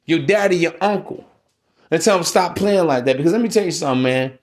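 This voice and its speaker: High-voiced man on a preachy podcast rant. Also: animated, brisk. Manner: preachy, blunt and profane. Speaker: podcast host.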